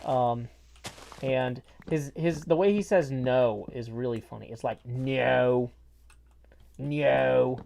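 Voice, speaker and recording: A man's voice: mid-range voice, a little slow, mellow, slight background noise. Muffled, rambling man streaming. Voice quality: muffled by a mask. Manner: rambling, playful, jokey asides. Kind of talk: casual livestream chat while gaming. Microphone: mask worn over the face.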